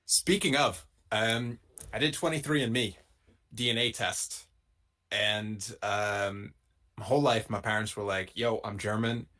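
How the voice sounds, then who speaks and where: A man's voice: on the low side, steady tone, a little slow, bright, forceful tone. A man co-hosting a live stream, telling stories in a dry, rambling and jokey way. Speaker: podcast co-host. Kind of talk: casual chat on a live stream.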